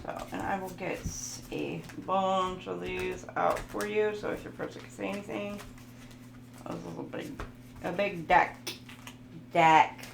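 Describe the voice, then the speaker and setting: Gravelly-voiced woman giving a playful tarot reading. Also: lowish voice, fairly even intonation, measured pace. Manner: playful and goofy, reading card messages aloud. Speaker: tarot reader. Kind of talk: casual tarot card reading. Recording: roomy echo, faint background noise.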